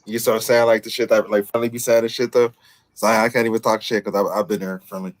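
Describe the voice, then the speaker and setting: A man chatting as a podcast guest, quick and agreeable, laughing along. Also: fairly low pitch, level tone. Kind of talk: casual chat.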